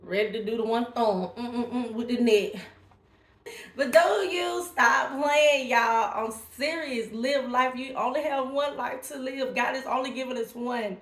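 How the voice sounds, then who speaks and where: A woman's voice: fairly high pitch, unhurried, reverberant. A woman vlogger talking casually and emphatically to her viewers, encouraging them. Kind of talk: casual direct-to-camera talk.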